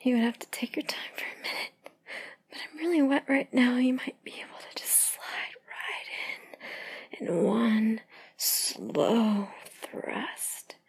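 A woman in a whispered role-play, talking in an intimate, breathy whisper broken by soft moans. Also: fairly high pitch, slow pace. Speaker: audio role-play performer.

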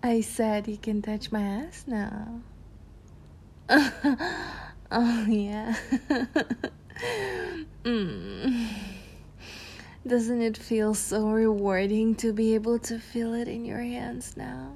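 Slow, teasing woman. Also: fairly high pitch, vocal fry, mellow, slight background noise. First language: Russian. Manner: teasing, playful, giggly. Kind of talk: flirty audio role-play.

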